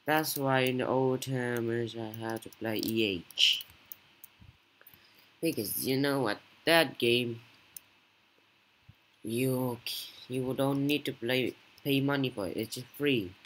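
A woman YouTuber giving casual gameplay commentary, excitable and quick to blurt out exclamations. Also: a bass voice. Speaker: gaming YouTuber.

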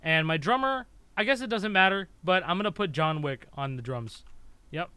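A young man giving casual gameplay commentary, excitable, laughing often and swearing, breaking into shrieks when something amuses him. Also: sits high, normal speed, clear, resonant tone, no echo. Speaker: gaming YouTuber.

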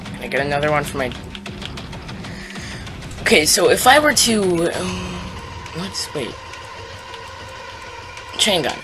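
Slow-talking young man playing a shooter. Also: fairly high pitch, sing-song. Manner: rambling, self-mocking, taunts enemies in loud bursts. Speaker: gaming YouTuber. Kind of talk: casual gameplay commentary. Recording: game music playing behind the voice.

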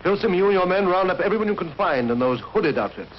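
Wisecracking young man, rapid banter, fairly high voice, 1930s film, dull hissy soundtrack. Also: animated. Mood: brisk. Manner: wisecracking, fast-talking.

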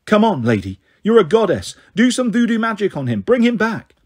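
A man's voice: high voice, sing-song, a little fast, breathy edge, pitched above the performer's own voice, exaggerated voice. A man doing a cheeky wisecracking teen boy. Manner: cheeky, joking, casual.

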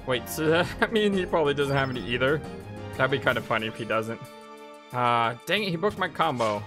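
Animated man commenting on a game. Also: mid-range voice, a little fast. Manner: animated, wry, easily amused. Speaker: let's play host. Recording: music playing behind voice.

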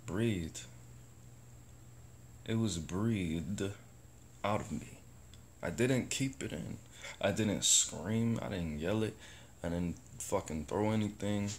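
A man's voice: low-pitched, takes it slowly, long pauses, a little hiss or hum. A man talking to camera in a rambling, profane, casual vlog about positivity. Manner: rambling, profane, animated bursts. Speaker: vlogger. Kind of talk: casual self-talk vlog.

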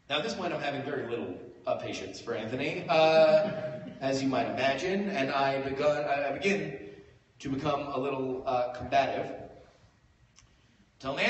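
Male live storyteller, animated and theatrical; distant phone audio in a reverberant hall with faint ambience. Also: medium pitch, normal speed, a little hiss or hum. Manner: animated, swinging from hushed to loud for effect. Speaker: storyteller on stage. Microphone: phone stream from the audience.

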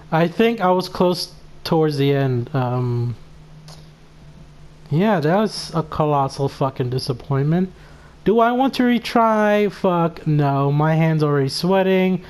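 A gamer giving live commentary while playing, swearing constantly and breaking into panicky shouts at the game. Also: medium pitch, lively intonation, slow pace.

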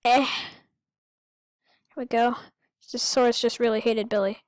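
Slow, goofy high-voiced gamer. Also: female voice, steady tone, a little mellow, no echo. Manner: goofy, rambling, sudden high-pitched outbursts. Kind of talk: let's-play commentary.

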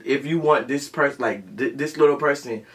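A co-host with a medium-pitched male voice talks at a moderate pace in a casual chat. He rambles and keeps circling back, with lots of fillers and restarts.

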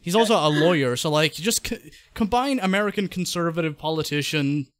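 A man's voice: a little high, fairly quick, a crowd in the background. A man hosting a casual podcast, rambling and swearing as he introduces clips. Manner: rambling, many fillers and restarts, swears casually. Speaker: podcast host presenting clips. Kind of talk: casual chat.

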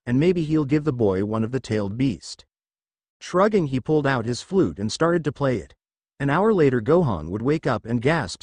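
A man narrating a fan-fiction story in a steady reading voice. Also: mid-range voice, no room sound.

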